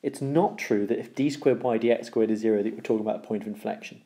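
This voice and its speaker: Gravelly, dark-voiced man teaching maths. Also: fairly low pitch, quick pace. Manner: explains step by step, repeats key rules, checks with "okay?". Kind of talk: recorded maths lesson.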